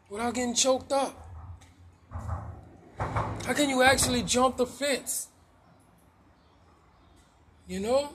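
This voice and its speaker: A man's voice: very high-pitched, background noise. A man preaching informally, firing rhetorical questions, restarting phrases and dropping slangy asides.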